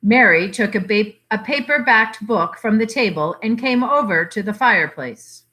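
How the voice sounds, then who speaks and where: A woman from a library reading a short story aloud with measured, expressive narration. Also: medium pitch.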